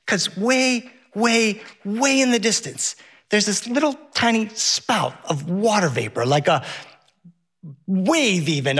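A man telling a personal story on stage to a live audience, animated and lively. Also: sits high. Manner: animated, shifts into voices of his child and the captain. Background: audience laughter.

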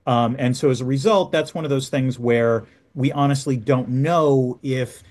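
A male professor joins a radio show by video call. He explains things in a measured, steady way, with frequent "um"s. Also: medium pitch. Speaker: professor guest. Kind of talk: expert radio interview.

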